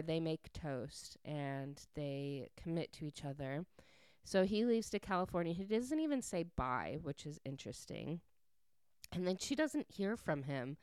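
Woman with a very smooth, low voice. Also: darkish tone, no room sound. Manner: chatty, many "like" fillers. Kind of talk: casual plot recap.

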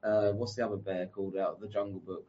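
Brief: deep-voiced, hesitant male co-host, dull recording with faint hiss. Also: level tone, quick pace, warm tone. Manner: hesitant, unsure, laughs things off. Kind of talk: casual banter. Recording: dull lo-fi audio with faint noise.

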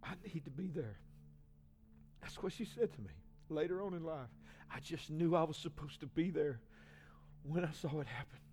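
A man in his forties, a pastor, giving an emotional personal testimony in a sermon, swinging from hushed to loud. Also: on the high side, normal speed. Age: 40s.

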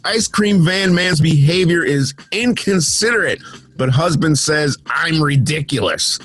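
Fairly high-pitched and fairly bright, this man speaks unhurriedly over slight background noise. He runs a laid-back news podcast from home, reading strange stories and drifting into sarcastic, meandering tangents.

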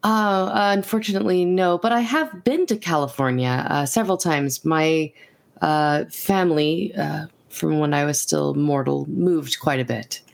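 A woman's voice: deep voice, vocal fry. Woman as a polite American vampire. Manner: polite, measured.

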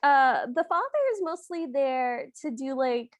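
A woman's voice: high-pitched, a little slow, no echo. A woman co-hosting a podcast, playfully recapping a film, laughing often and mimicking characters. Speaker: podcast co-host. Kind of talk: casual chat recapping a film.

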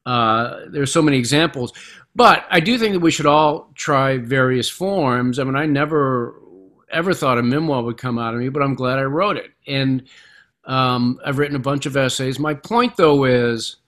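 A middle-aged man talking at an ordinary mid pitch, reflective and unhurried. He tells stories as a guest author, often doubling words while he finds his thought. His speech has the rhythm of a relaxed conversation. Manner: reflective storyteller, repeats words as he gathers thoughts. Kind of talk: conversational interview.

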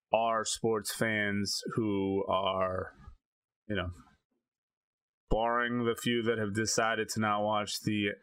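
Low-voiced man ranting in casual chat. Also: no echo. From Maine. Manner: opinionated, animated, with frequent restarts and fillers. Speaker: podcast co-host.

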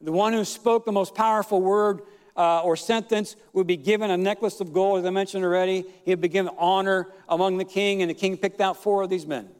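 A male pastor delivers a sermon in a high, smooth, resonant voice. He tells his story with halting fillers, then stretches and shouts key words for emphasis. His voice rings out with the long reverb of a big church hall. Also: fairly even intonation.

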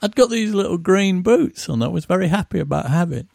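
Gravelly man telling tour stories. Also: high voice, expressive, fast, a little mellow, dry recording, clean studio sound. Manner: rambling, with acted-out quotes and laughs. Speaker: musician guest. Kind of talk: anecdotal storytelling.

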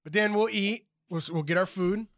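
A man's voice: high voice, brisk, fairly bright tone, no room sound, studio quality. A man in his thirties co-hosting a podcast in casual, profane chat, rambling and chatty, with apologetic interjections. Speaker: podcast co-host.

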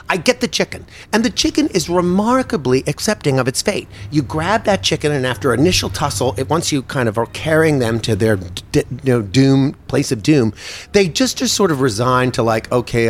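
A man telling a comic personal story in an animated way, acting out the scenes with exasperated asides. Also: on the high side.

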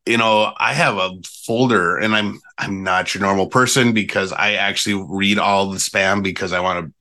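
A man guest on a podcast interview, chatty and animated, using casual fillers as he explains email marketing. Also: lowish voice.

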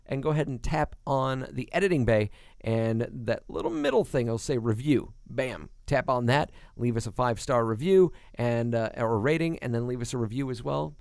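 A man's voice: mid-range voice, normal speed, creaky, a little mellow, no room sound, clean studio sound. A man co-hosting a casual podcast, laughing often and swearing casually while he reads out show plugs. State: tired new father. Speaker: podcast co-host.

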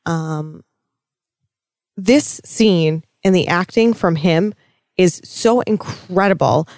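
Woman, co-host, casual recap chat, animated, swears, dry recording. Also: on the low side, slow, no room sound. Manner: animated, gushing fan talk with swearing. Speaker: podcast co-host.

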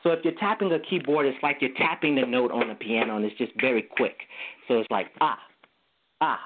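A man on a tinny phone line talks through the tones of Mandarin, singing short vowel sounds to show how each one moves. His voice sits at a middling pitch, and he laughs easily as he explains. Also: fairly even intonation, fast, slight background noise. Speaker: guest language teacher. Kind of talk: casual interview explanation.

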